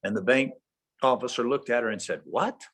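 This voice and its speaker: A man's voice: mid-range voice, brisk, a bit bright. A man giving a conversational leadership talk over a video call, folksy, with tag questions, telling stories. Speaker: leadership trainer, webinar speaker. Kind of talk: conversational lecture with storytelling.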